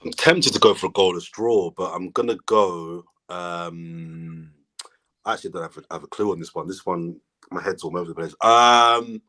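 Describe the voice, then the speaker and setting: A man's voice: low voice, moderate pace, pushed and bright, poor audio. A man co-hosting a casual podcast, hesitant and stopping to laugh. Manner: hesitant, restarts, giggly. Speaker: podcast co-host. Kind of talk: casual chat.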